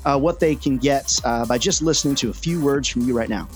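A man's voice: medium pitch, fairly quick. An upbeat man hosting a sales coaching podcast. He sounds chatty and enthusiastic, full of "uh" fillers, with faint music underneath. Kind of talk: casual podcast talk.

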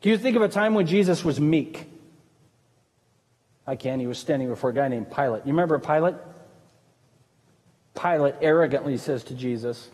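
Preaching in a church sanctuary, a pastor speaks a little fast with lively intonation, his high voice carrying a darkish tone. He keeps it conversational and asks the congregation questions. The recording has a church hall's long reverb.

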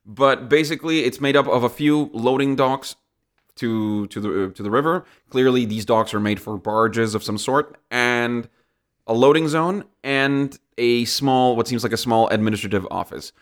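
A man as game master narrating a tabletop game, halting with lots of restarts. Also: medium pitch. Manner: halting, many restarts and fillers.

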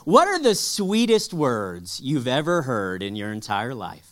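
A man pastor giving a conversational, lively sermon to a church audience. He jokes with the room, then drops to a soft, low voice for weighty points. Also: unhurried. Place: church auditorium with live audience.

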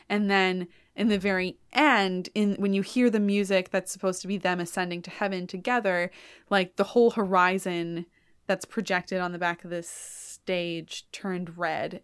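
A woman hosting a podcast, chatty and animated, retelling an opera plot in casual talk full of "like". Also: on the low side, clean tone, no room sound, clean studio sound. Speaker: podcast host.

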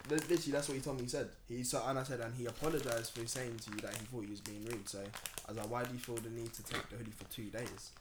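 A young man tells a long story among friends, dropping slang as he goes. His voice sits at a middle pitch. The recording has a roomy echo. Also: slight background noise. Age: young adult. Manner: animated storytelling with London slang. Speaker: podcast host. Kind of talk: casual chat.

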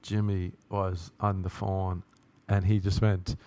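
A man's voice: deep voice, flat delivery, takes it slowly, mellow. A young man telling a casual anecdote, rambling and swearing, often breaking into laughter. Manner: laughing, profane, rambling storyteller.

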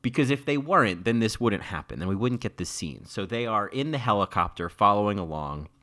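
A man chatting casually as he reviews a TV miniseries, wry and loose, with lots of fillers and sudden jumps in pitch. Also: sing-song, a little fast, sharp tone.

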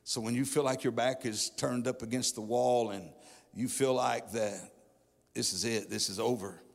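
Gravelly man preaching in a reverberant church. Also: mid-range voice, fairly even intonation, moderate pace. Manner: testimony preaching, rising from hushed to fervent. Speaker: pastor. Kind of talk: sermon. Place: church sanctuary. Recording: long hall reverb.

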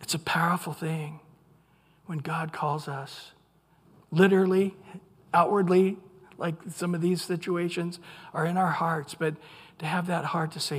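Husky-voiced preacher in a reverberant hall. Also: male voice, a little high, a little slow, pauses often. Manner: animated, acts out quotes in small voices. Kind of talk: Bible teaching sermon.

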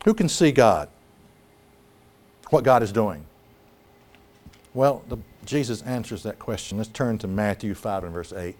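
A man preaching a sermon, animated and dramatic, acting out scripture scenes as he talks. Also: lowish voice, measured pace, long pauses.

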